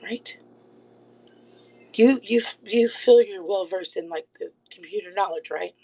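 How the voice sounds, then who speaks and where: A woman live streaming, confronting someone with rapid, repeated pointed questions while insisting she is calm. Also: mid-range voice, low-quality recording. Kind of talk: livestream call-out rant. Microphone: phone.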